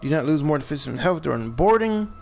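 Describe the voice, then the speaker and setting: A man's voice: a little high, big pitch swings, brisk, creaky, darkish tone, slight background noise. A young man chatting casually as he streams a game, laid-back and thinking aloud while he plays. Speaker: gaming streamer. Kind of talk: casual live gameplay commentary.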